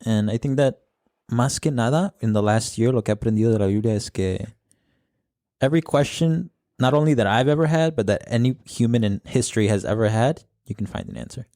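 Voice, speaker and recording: A young man leading a casual podcast chat about faith, relaxed and easygoing, slipping Spanish phrases into his English. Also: medium pitch, a little fast, no echo, studio quality. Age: young adult. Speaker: podcast discussion leader.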